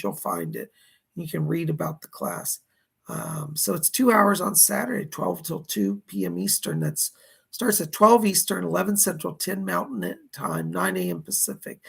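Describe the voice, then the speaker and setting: A man's voice: high-pitched, creaky, fairly bright tone, breathy edge. A man hosting a psychic astrology livestream, chatting casually and reading out viewer comments as he responds to them. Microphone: computer setup at a keyboard.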